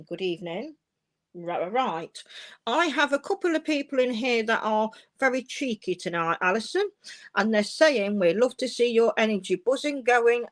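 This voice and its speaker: A woman hosting a live-streamed mediumship session, speaking reassuringly to callers and calling them darling and my love. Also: mid-range voice. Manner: warm, reassuring, uses endearments like darling and my love. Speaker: medium giving live readings. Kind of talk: live-streamed psychic reading.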